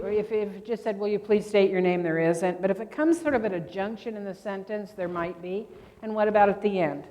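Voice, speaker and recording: A woman's voice: mid-range voice, darkish tone. Lady from indiana teaching grammar to a room, keeps quizzing folks, voice rings out with long hall echo. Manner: quizzing the audience with quick questions and answers. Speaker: grammar instructor at a court reporters' convention. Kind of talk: interactive classroom lecture. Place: convention meeting room. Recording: long reverb in a large hall.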